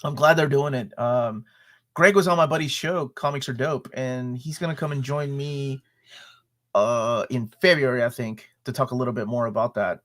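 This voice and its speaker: Man, forties, comics show co-host, bright tone, casual and enthusiastic. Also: mid-range voice, moderate pace. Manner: relaxed, enthusiastic, reads sponsor spots. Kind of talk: casual live-stream chat.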